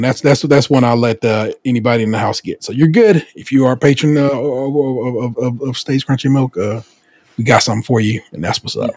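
A man hosting a casual podcast, telling stories in an animated way with swearing and acted quotes. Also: medium pitch, husky, no room sound. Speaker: podcast host.

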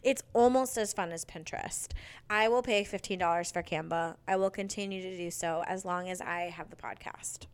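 A young woman in her twenties hosts her own podcast, chatting casually on her own and gushing, her speech full of "like" and "um." Her voice is smooth and fairly low, with a steady tone and normal speed.

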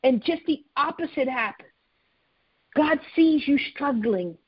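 A woman's voice: high voice, animated, a little slow, no room sound. A woman preaching an earnest sermon, repeating her phrases and often restarting mid-sentence. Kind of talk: sermon-style teaching. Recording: dull, lo-fi sound.

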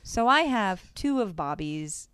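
A woman co-hosting a podcast in casual chat, brash and quick to swear, laying things out step by step. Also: mid-range voice, sing-song, a bit bright, smooth, dry recording, clean studio sound. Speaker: podcast co-host.

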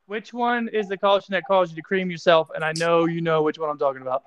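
A man's voice: on the high side, steady tone, fast, clean tone, lo-fi sound. A man co-hosting a casual podcast about racing, teasing his partner with hype-man energy. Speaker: podcast co-host.

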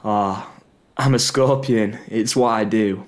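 Fable scorpion, male, smooth-talking and sly, voiced by a man telling the story. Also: fairly low pitch, slow pace. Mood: matter-of-fact. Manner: coaxing, matter-of-fact.

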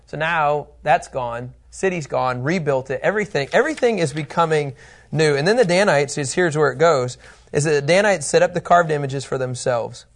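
A man's voice: on the high side, brisk. Laughing, casual male Bible teacher. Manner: casual, joking, laughs often. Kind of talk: animated Bible lesson.

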